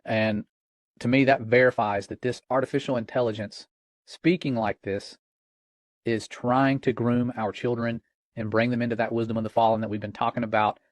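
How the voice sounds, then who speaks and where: A man's voice: mid-range voice, flat delivery, moderate pace, dry recording. A man giving an earnest, cautionary religious talk in a conversational way.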